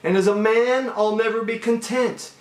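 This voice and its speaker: A man's voice: sits high, fairly even intonation, moderate pace, reverberant. A man in his fifties talking casually to his viewers in a rambling, storytelling way, drifting into asides. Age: 50s. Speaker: watch vlogger. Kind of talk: casual monologue to camera.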